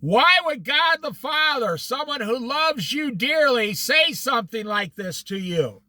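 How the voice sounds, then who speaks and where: A man teaching a casual Bible study, animated and folksy, laughing at his own stories. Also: extremely high pitch, unhurried, dry recording.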